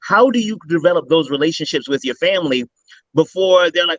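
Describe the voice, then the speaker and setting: A man hosting an interview, talking in an animated, rambling way as he thinks aloud. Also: on the high side, brisk, dry recording, rough recording. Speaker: host. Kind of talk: casual interview talk.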